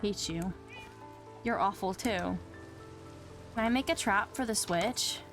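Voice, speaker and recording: Slow-paced and backed by music, this young woman's Minecraft let's play has her chatting casually and getting flustered at the mobs. She exclaims at them one moment and mutters quietly the next.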